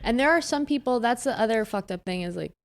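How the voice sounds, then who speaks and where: A woman's voice: on the high side, fast talker. A young woman co-hosting a podcast, talking candidly and acting out the people in her stories. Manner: candid, animated storyteller who acts out quoted people. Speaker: podcast co-host. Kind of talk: casual chat.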